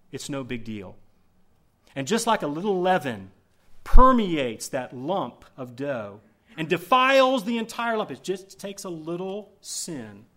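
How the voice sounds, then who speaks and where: A man preaching a sermon as pastor, telling a story with animated swings between loud emphasis and hushed asides. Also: a little high.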